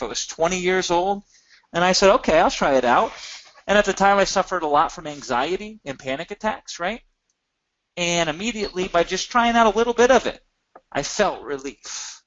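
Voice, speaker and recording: A middle-aged man pitches his product on a webinar with animated, emphatic energy, stacking short repeated phrases. His voice sits a bit high. The audio is dull and lo-fi, like a call. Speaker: product seller on a marketing webinar.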